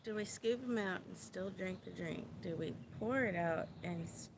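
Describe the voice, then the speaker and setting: A woman's voice: fairly low pitch, normal speed, gravelly, background noise. A tipsy woman vlogging into a handheld phone, chatty and profane, rambling as she thinks aloud. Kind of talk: casual rambling vlog.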